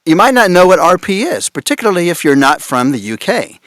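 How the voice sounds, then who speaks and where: A man speaking on a conference panel about voice direction, amused and animated, laughing often. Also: high voice, fairly quick, dry recording. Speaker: panelist on voice acting.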